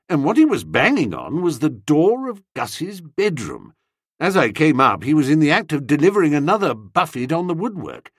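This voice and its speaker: Wry male audiobook narrator, very expressive melody, dry close sound. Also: on the high side, dry recording. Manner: animated, wry storytelling with character voices. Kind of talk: scripted comic novel narration.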